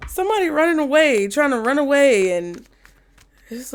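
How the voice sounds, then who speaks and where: Speaking at a moderate pace in a high, sing-song voice, a woman gives a chatty, casual tarot reading. She swears without restraint and puts on mock voices for quotes. Laughter interrupts her, and her sentences trail off or get restarted.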